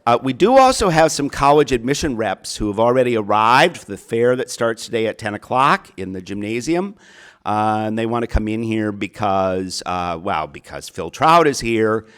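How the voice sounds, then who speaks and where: Brief: middle-aged male speaker, Minnesota accent, clear resonant tone, folksy address. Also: fairly low pitch, sing-song, normal speed, fairly bright tone. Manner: folksy, repeats phrases. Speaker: college counselor. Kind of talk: keynote speech.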